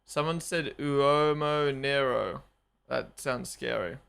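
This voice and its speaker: A young man live-streaming his reactions to a race broadcast, excitable and quick to repeat himself. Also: mid-range voice, gravelly, clean tone.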